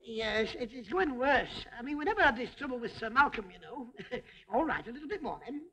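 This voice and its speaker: A woman's voice: fairly high pitch, big pitch swings, moderate pace, pushed and bright. A woman entertainer performing a comic stage routine, chatting to a teddy bear and fussing over it, coaxing and laughing as she goes.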